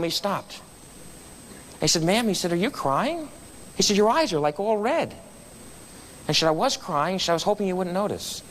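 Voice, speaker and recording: Fast, lively man telling a story. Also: fairly high pitch. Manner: animated, acts out quoted voices. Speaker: guest speaker at a club meeting. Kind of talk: storytelling speech. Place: meeting room.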